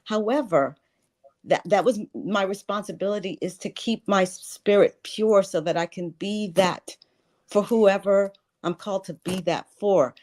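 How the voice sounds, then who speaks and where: A woman's voice: mid-range voice, measured pace, darkish tone. A woman in her sixties, a life and wealth coach, speaking earnestly as an interview guest and repeating phrases for stress. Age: 60s. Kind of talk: spiritual interview talk.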